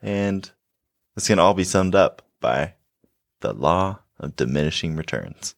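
A young man's low, creaky voice comes through unhurried in a dry, clean studio recording. As a co-host and health coach on a health podcast, he's animated and jokey, laughing often while he chats.

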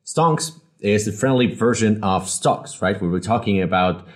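A man's voice: lowish voice, a little slow. A man hosting a podcast, introducing guests in an upbeat, rambling, casual way. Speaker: podcast host and company founder.

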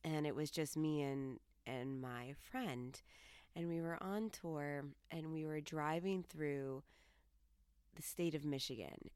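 Low smooth-voiced woman telling a story. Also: dry recording, studio quality. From Colorado. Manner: lively, jumps high when quoting herself. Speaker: podcast host. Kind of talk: casual storytelling.

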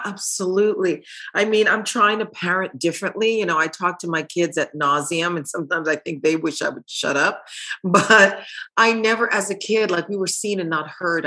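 Bright-voiced Haitian-born woman. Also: fairly low pitch, moderate pace. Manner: open, emotional, laughs often. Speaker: guest. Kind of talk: candid conversation.

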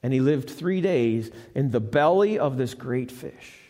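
A man's voice: medium pitch, lively intonation, measured pace, warm tone. A male pastor telling a Bible story in a conversational live sermon, asking the congregation questions. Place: church sanctuary. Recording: live church with long reverb.

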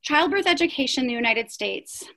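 A woman's voice: high voice, animated, a little fast, bright, forceful tone. A middle-aged woman, founder of a prenatal yoga studio, telling her story in an interview with emphatic rhetorical questions.

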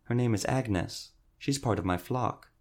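A man reading an audiobook, voicing a soft-spoken, impassive male cleric. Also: lowish voice, a little slow, lightly acted. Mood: calm. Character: calm, fervent male cleric.

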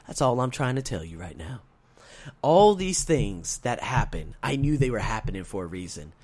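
A man hosting a solo podcast, exuberant and repetitive, swinging between shouted excitement and quiet reflection, laughing often as he talks. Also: fairly high pitch. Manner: laughs often while talking. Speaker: podcast host.

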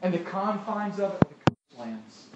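Preacher in an echoey hall. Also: male voice, sits high, sing-song, moderate pace, highs cut off. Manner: conversational preaching with rhetorical questions. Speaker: pastor. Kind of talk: sermon. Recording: echoey hall, distant mic, loud noise.

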